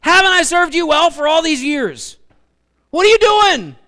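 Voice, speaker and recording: A male pastor voicing a loyal, hurt male donkey that pleads loudly in a high, indignant voice. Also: expressive, moderate pace, exaggerated voice.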